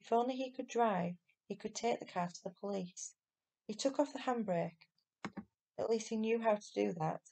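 Gravelly-voiced woman reading a storybook. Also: mid-range voice, moderate pace. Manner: steady, clear storytelling. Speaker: teacher reading to pupils. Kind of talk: reading a children's novel aloud.

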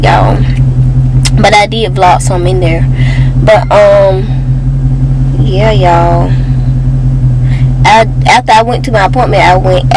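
A woman's voice: lowish voice, very noisy. A young woman talking to her viewers in a casual vlog, emotional and close to tears, often calling them y'all. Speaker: vlogger.

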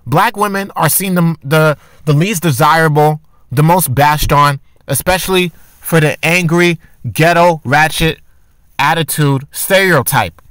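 A man sits talking straight to his audience in a casual commentary vlog, pressing his argument with rhetorical questions and often breaking off to restart a sentence. His voice sits high and sounds bright and forceful. The recording is dry and close, with no room sound around him. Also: no room sound. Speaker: commentary vlogger.

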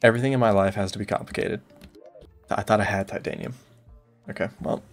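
A young man streaming a video game, tossing off deadpan absurd jokes and mock complaints in casual commentary. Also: fairly low pitch, fast, soft background music.

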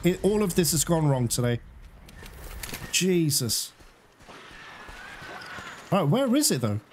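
A man's voice: a little high, sing-song, takes it slowly, long pauses, slight background noise. A man giving live gameplay commentary as a channel host, often exclaiming and swearing in frustration. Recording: loud game music behind. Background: loud game music.

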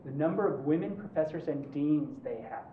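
Animated man lecturing in a roomy hall. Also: fairly high pitch, slight background noise. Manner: animated and joking, with quick asides. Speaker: law professor giving a lecture. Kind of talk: conversational lecture. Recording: roomy, distant, dull hall recording.

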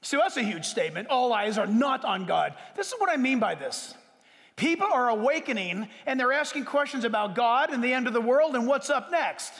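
This pastor's very high, fairly bright voice fills the church sanctuary with a long reverb as he preaches emphatically. With lively intonation, a slightly fast pace, and barely any pauses, he jumps in pitch and stretches words for emphasis.

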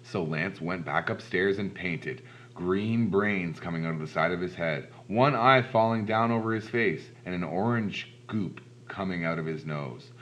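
A man reading a children's storybook aloud in an expressive, animated way. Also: deep voice, unhurried, slight background noise. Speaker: storybook reader. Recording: dull lo-fi recording.

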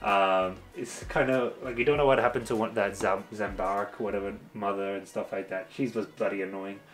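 A man's voice: on the low side, steady tone, a little fast. A man giving a casual, ranting spoken review, exasperated and mocking, slipping into sarcastic quoted asides. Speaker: video reviewer.

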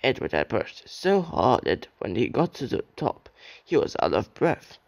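A man's voice: mid-range voice, sing-song, a little slow, creaky, dry recording. A young man reading a children's railway story aloud as an amateur narrator, with occasional slips.

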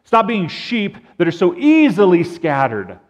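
Speaking in a high-pitched voice with huge pitch swings and a measured pace, a pastor delivers his sermon. He brings stories to life, acting out sheep's bleats and calls. It's a dull recording from a church sanctuary with long reverb.

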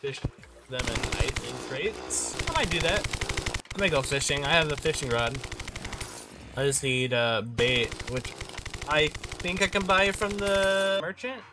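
A young man giving rambling, self-mocking commentary while playing a game, swinging between mumbles and loud outbursts. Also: fairly high pitch, animated, unhurried, background noise. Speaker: gaming YouTuber. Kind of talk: casual gameplay commentary. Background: game music.

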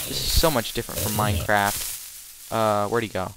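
A man commentating his own gameplay, excitable and given to panicky strings of no no no. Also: lowish voice, a little fast, background noise. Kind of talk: let's play commentary.

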